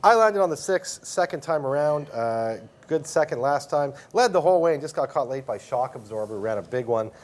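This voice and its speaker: Speaking in an animated voice on the high side, this Canadian handicapper runs through horse racing picks in a relaxed way. He moves fast, breaking down every horse's form conversationally.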